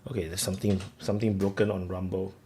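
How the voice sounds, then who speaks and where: A man's voice: deep voice, level tone, fast talker, dark tone, a little hiss or hum. A man hosting a live stream in a casual, rambling way, filling gaps with chatter and talking to viewers. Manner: rambling, lots of fillers and restarts, chatting with viewers.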